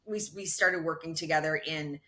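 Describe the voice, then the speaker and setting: Middle-aged woman, podcast guest. Bright, lower-pitched, chatty and quick to laugh. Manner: animated, quick to laugh, self-correcting restarts. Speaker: podcast guest, ultra runner. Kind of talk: casual storytelling interview.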